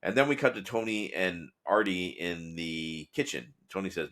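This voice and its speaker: A man with a low voice talks quickly through a casual podcast recap. He rambles and fills pauses with ums and uhs as he paraphrases scenes. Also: fairly bright tone. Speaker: podcast host recapping episodes. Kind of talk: casual analytical commentary.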